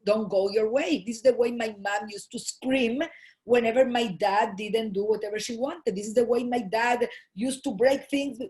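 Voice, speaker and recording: A woman giving a talk on family habits, earnest and often pausing with fillers and restarts. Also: a little high, a little mellow. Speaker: host.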